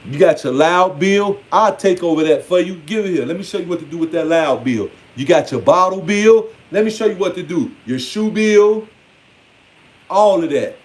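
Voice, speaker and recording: High-voiced man giving a blunt rant. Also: expressive, moderate pace. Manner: blunt, mocking, playfully scolding. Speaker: spiritual speaker. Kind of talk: casual preaching monologue.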